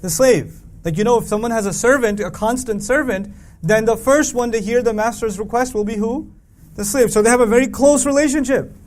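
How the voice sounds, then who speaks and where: A man teaching a live audience about a Quran verse, emphatic and full of rhetorical questions, reciting Arabic verses quickly. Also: very high voice, darkish tone.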